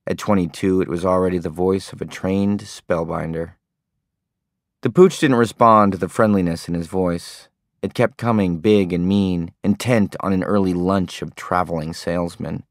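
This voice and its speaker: A man narrating an audiobook in a steady, understated way. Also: sits low, measured pace, creaky, no echo, clean studio sound. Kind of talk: scripted narration.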